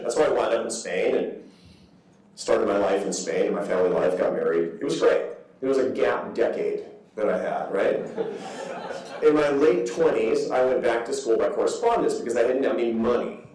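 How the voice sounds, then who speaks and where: A man in his fifties giving a public lecture, telling stories with lively asides and mock voices. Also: on the low side, a little fast. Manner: animated storytelling with asides. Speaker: guest speaker. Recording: echoey hall from far off.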